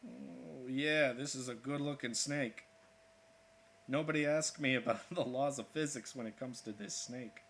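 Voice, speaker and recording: Man, art streamer, slow unhurried talk, playful, narrates his drawing, faint noise behind. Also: medium pitch, fairly bright tone. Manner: playful, jokey, talks through each drawing step. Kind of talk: casual livestream commentary while drawing.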